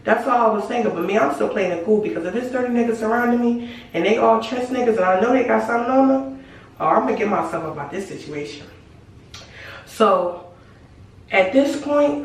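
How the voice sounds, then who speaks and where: A teenage girl telling a story to camera in casual chat, swearing freely and acting out the dialogue. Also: a little high. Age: teens. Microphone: camera mic at a distance. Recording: very echoey room, far from mic.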